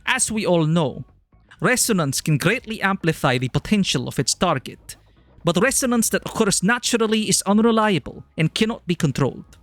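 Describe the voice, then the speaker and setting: A man's voice: sits high, animated, normal speed, fairly bright tone, dry recording, faint music behind, pitched above the performer's own voice. A man voicing a formal official who presents a giant mech program, reading in a put-on generic British accent with stiff, declamatory delivery. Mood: declaring.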